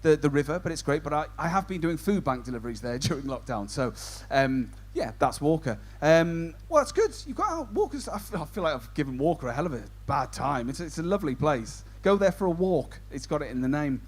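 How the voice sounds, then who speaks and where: A man's voice: on the high side, very animated, fairly quick, few pauses. A man compering a stand-up comedy show, doing cheeky banter with the audience. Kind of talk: crowd work stand-up.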